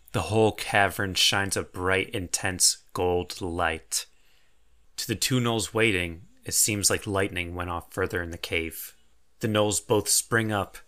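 A man's voice: low-pitched, sharp tone. A man narrating a fantasy tabletop game as game master, telling the story in a vivid, descriptive way. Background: faint music.

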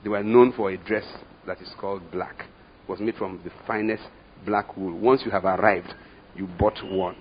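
A man with a Nigerian accent preaching a sermon, moving from hushed asides to loud, slow, emphatic lines. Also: sits low, fairly even intonation, slight background noise. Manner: dramatic swings from hushed to loud, slow emphatic scripture reading. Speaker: pastor. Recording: dull lo-fi sermon recording.

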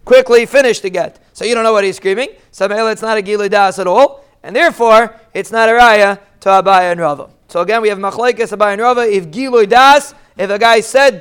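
A man giving a Talmud study lesson, explaining the Aramaic text line by line in casual English and acting out the quoted shouts with a raised voice. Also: high-pitched, clear, resonant tone. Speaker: Talmud teacher.

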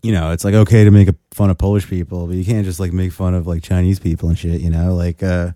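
A man's voice: deep voice, flat delivery, fast talker, mellow, no room sound, clean studio sound. A man co-hosting a casual podcast, reacting to a clip with crude, sarcastic jokes and a lot of swearing.

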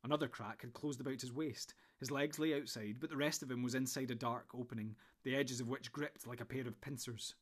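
Guy reading a fantasy audiobook, even measured voice, mid pitch. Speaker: audiobook narrator. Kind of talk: scripted storybook narration.

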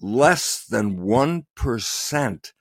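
An animated man speaking as an interview guest, and his pitch leaps up and down for emphasis as he quotes his own remarks. The sound is dry and close, with no room around it. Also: very slow, no room sound. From United States. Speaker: guest scientist. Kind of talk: passionate interview talk.

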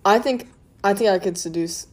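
A young woman chats casually with a friend on a podcast, rambling and restarting her sentences. She giggles often, and her voice sits at a middle pitch. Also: normal speed, darkish tone. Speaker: podcast host. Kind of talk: casual chat.

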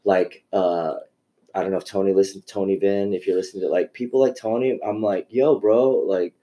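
A comedian chatting casually, excitable and slangy, calling people dude and man. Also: sits low, brisk, dull audio. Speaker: comedian guest. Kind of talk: casual chat.

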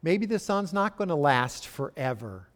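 A man's voice: a little high, big pitch swings, a little slow. An older man giving a sermon as a pastor in a church, in a folksy, chatty way with asides to the congregation.

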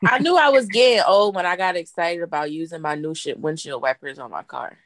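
A woman co-hosting a casual chat, an animated storyteller who acts out quotes. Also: on the low side, a little fast, dry recording.

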